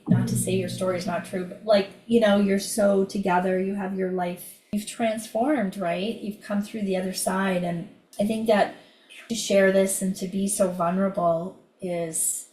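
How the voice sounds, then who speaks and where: Flat-toned woman host, echoey room. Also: medium pitch. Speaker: podcast host. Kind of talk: interview hosting.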